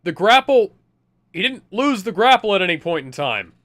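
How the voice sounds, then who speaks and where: Sarcastic man with a lively voice. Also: high-pitched, normal speed. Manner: sarcastic, exasperated, swears freely. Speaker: movie commentary co-host. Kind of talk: casual riffing movie commentary.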